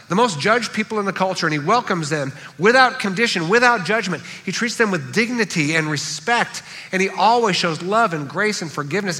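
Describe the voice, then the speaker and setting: Bright, high-voiced man preaching a sermon. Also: long reverb tail. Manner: animated, acts out quoted voices. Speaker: pastor. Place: church sanctuary.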